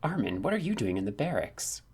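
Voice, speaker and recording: A man voicing a confused, eager young male soldier who fires off questions, with a husky voice. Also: mid-range voice, very animated, darkish tone, full character voice. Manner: bewildered, rapid-fire questioning.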